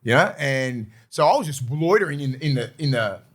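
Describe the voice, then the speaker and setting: A man's voice: medium pitch, normal speed. A man in his forties with an Australian accent, a former rugby league player telling rambling, sweary stories on a casual podcast. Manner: rambling, sweary, animated storytelling.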